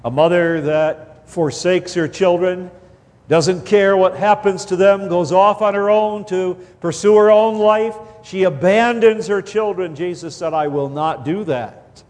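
Male preacher, higher voice, slow deliberate delivery, reverberant church sound. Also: steady tone, darkish tone. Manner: slow, deliberate, emphatic phrasing with repeated words. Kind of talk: expository sermon. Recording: long hall reverb.

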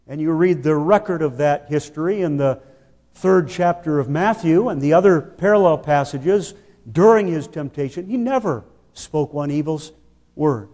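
A man preaching a sermon, slow and emphatic, posing rhetorical questions to his listeners. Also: fairly high pitch, dark tone, big-room sound.

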